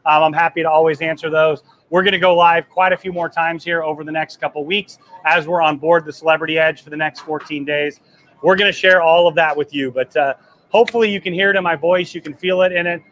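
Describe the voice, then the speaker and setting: A man in his thirties hosting a live travel vlog from the deck of a cruise ship, excited and emotional, his voice trembling and choking up as he rambles. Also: a little high, fast. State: trembling, choked up. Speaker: travel agency host.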